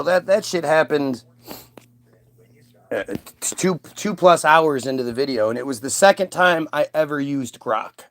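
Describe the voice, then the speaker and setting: Emphatic man, rambling casual monologue. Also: fairly high pitch. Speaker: vlogger.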